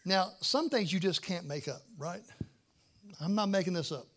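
A man, a pastor, telling a humorous personal story in a sermon, animated and self-mocking, acting out the dialogue. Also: high-pitched, moderate pace.

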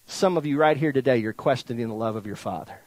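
A man preaching a sermon to a congregation, folksy and animated, swinging from near-shouts down to soft, low lines. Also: quick pace, low-quality recording. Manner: folksy, addresses the congregation directly. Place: church in front of a congregation.

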